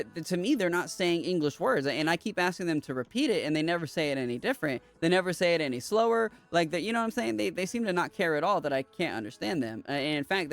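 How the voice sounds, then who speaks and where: A man's voice: on the high side, fairly bright tone. A man ranting in casual chat as a podcast host while playing a game, rambling and emphatic, with restarts and swearing.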